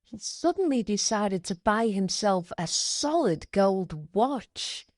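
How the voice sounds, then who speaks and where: Woman voicing lesson examples, slow and lively, dry close sound. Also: medium pitch, dry recording. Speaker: example sentence reader. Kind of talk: scripted example readings.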